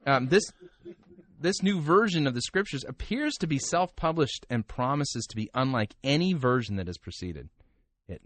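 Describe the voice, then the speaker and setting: A man's voice: mid-range voice, animated, moderate pace, a bit bright, no room sound. A man hosting a podcast, talking casually with wry, sarcastic asides and frequent restarts. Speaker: podcast host. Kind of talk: casual commentary and reading aloud.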